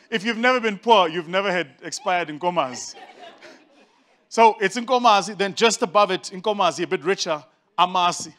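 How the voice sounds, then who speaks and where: A man with a South African accent telling a humorous story to a live audience in an animated, joking, conversational way. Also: sits high, moderate pace, a little hiss or hum.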